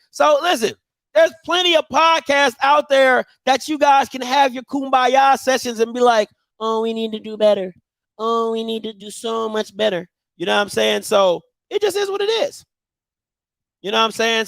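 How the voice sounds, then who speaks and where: Sports call-in host, man, teasing and laid-back, gravelly, dry mic. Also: extremely high pitch, a bit bright, no room sound. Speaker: sports talk show host. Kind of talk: casual live call-in sports talk.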